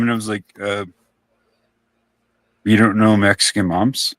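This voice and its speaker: Young guy, low and relaxed, rambling storyteller, dry close mic. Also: a little slow, no room sound. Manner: laid-back, rambling, swears casually. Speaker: co-host on a live stream. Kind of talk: casual storytelling chat.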